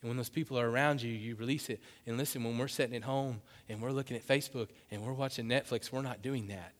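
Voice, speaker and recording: Passionate pastor in a reverberant church. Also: male voice, medium pitch, fairly even intonation, fast talker. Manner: passionate, rising to loud emphatic bursts. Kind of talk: sermon. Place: church sanctuary. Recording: long hall reverb.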